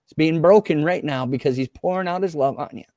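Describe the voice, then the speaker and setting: A man's voice: fairly high pitch, fairly quick, warm tone, dry recording, clean studio sound. A man preaching as a guest pastor, fervent and repetitive, often speaking in the voice of God to his viewers.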